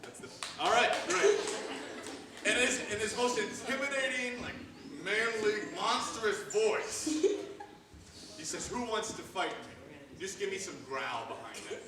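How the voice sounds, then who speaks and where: A man's voice: high voice, expressive, unhurried. A man hosting a youth ministry sound effect skit, talking in a playful, teasing, sarcastic way to a live audience. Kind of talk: live comedic audience game. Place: large hall with live audience. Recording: echoey hall from far off, audience noise.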